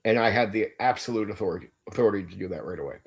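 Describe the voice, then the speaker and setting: A man's voice: fairly low pitch, expressive, racing, gravelly, breathy edge. A man hosting his own channel, giving a blunt, emphatic monologue about how he runs tabletop games, with frequent swearing and casual "like, dude" fillers. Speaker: game master and channel host.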